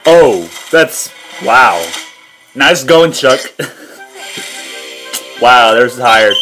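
A man's voice: medium pitch, big pitch swings, very slow, pauses often, sharp tone, low-quality recording. A man giving casual reaction commentary on a cartoon, laughing often and exclaiming again and again. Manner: frequent laughter and repeated exclamations of wow. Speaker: reaction video host. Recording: music playing behind.

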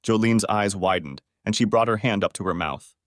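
A man's voice: on the low side, normal speed, no echo, clean studio sound. A man narrating a dramatic first-person story for an audiobook.

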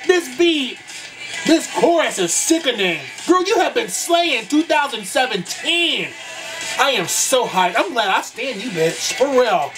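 A music reaction YouTuber gushes over a pop song in a vlog, campy and profane, with sudden shrieks. His very high voice is sing-song and unhurried. The song plays loudly behind him and his voice is a bit off-mic, picked up from a distance.

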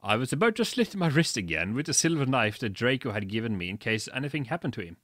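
A man's voice: mid-range voice, very animated, quick pace, fairly bright tone, no echo, clean studio sound. A man reading a badly written story aloud for comedy, mocking it and stumbling over its misspellings. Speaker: reader.

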